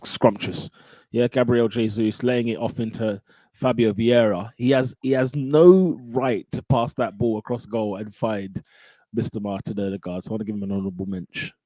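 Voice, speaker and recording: A man's voice: medium pitch, steady tone, a little fast, warm tone, dry recording. A man hosting a casual football podcast, laughing often as he runs through the scores. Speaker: podcast host.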